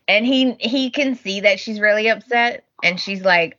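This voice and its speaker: Woman podcast co-host, casual chat, bright voice, lo-fi audio, animated. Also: on the high side, slow pace, long pauses. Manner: animated, laughs often, acts out characters' lines. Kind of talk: casual chat recapping a soap opera. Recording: dull lo-fi audio.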